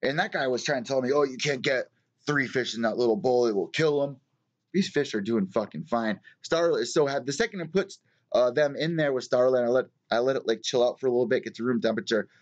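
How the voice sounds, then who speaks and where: A man's voice: medium pitch, quick pace. Profane, rambling man on lo-fi stream. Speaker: host of a live news show. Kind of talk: casual live-stream chat.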